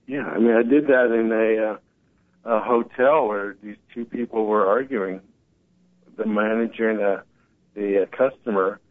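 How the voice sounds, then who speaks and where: A man talking earnestly in a casual conversation, telling animated stories and quoting other people, heard over a phone call. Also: lowish voice, moderate pace. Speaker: guest. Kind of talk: casual talk show conversation. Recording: tinny phone-line sound.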